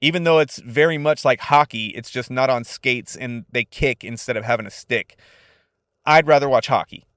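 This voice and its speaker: A young man from California hosting a casual solo podcast, laid-back, profane and animated. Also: medium pitch, normal speed, smooth, no echo, studio quality. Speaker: podcast host.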